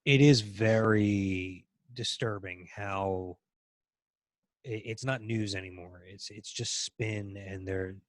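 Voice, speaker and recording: Low-voiced man in halting casual chat. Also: dry recording. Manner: halting, many restarts and ums. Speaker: podcast co-host.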